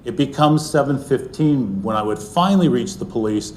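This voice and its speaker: A middle-aged man recounts a personal story before a live audience in an earnest, unhurried way. His voice sits at an ordinary pitch and often drops to a soft, hushed level. A faint low rumble hums behind him. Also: animated. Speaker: speaker sharing a personal story.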